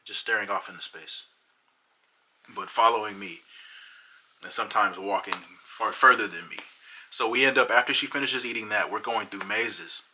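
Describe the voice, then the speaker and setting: A man telling a funny personal story in a casual, animated way. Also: fairly low pitch, normal speed, slight background noise, poor audio. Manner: animated, dramatic retelling. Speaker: vlogger.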